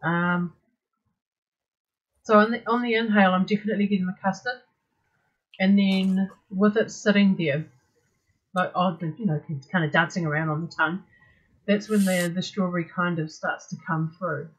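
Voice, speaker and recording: A woman co-hosting a casual live stream, relaxed and thoughtful as she describes flavors. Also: on the low side, normal speed, pauses often, husky, lo-fi sound. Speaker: co-host.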